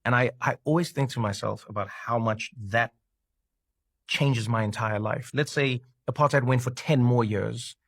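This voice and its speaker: A man's voice: medium pitch, moderate pace, gravelly, no room sound, studio quality. A South African man recalling his childhood in an interview, thoughtful and hesitant, with many fillers and restarts. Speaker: interview guest. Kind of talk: reflective interview talk.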